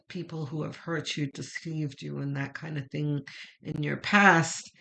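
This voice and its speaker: Slow, low-voiced woman reading tarot. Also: gravelly. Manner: chatty, meandering, with many fillers. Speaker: tarot reader. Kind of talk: casual spoken tarot reading.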